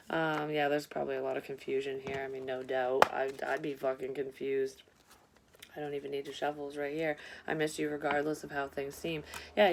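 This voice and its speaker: A woman with a low voice reads tarot cards for her vlog audience. She talks in a loose, rambling way, blunt and full of curse words. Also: gravelly, slight background noise. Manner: blunt, rambling, heavy swearing. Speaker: psychic tarot reader. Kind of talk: casual tarot reading vlog.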